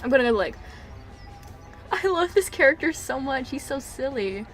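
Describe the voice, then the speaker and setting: A woman streaming a game, chatting casually and reading its text aloud, excitable and quick to break into squeals. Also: faint music behind. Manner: excitable, bursts into high squeals and laughter.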